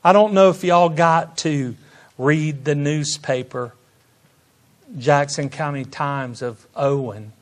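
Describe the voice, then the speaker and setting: A man delivering a sermon in a fairly high voice. He takes his time, drawing out words. Quiet, intimate asides give way to loud, ringing exclamations of praise. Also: takes it slowly. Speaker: pastor.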